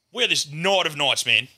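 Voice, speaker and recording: A young Australian man, a guest comedian, telling a loud, animated story full of swearing and acted-out voices. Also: fairly high pitch.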